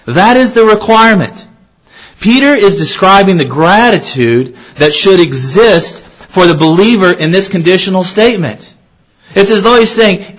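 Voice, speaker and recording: A man with a high voice delivers an earnest sermon to his congregation. He poses questions to his listeners and repeats key phrases to drive his points home. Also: lively intonation, moderate pace, rough recording. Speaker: pastor.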